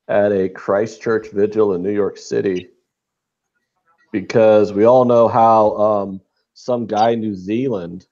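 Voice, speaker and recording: A man's voice: fairly low pitch, a little mellow, muffled recording. A man co-hosting a podcast, talking bluntly and rambling, with frequent swearing and restarts. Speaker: podcast co-host. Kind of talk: casual chat.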